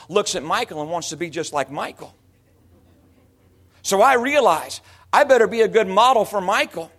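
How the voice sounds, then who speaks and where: A man's voice: sits high, fairly bright tone. A male pastor in his thirties or forties preaching a sermon in a conversational storytelling way, often slipping into voices and accents he imitates.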